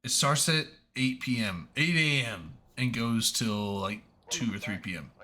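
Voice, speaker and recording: A man in casual gaming chat on a voice call, scattered and quick to laugh at himself. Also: mid-range voice, expressive, bright, forceful tone. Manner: scattered, self-mocking, laughs often. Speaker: podcast co-host.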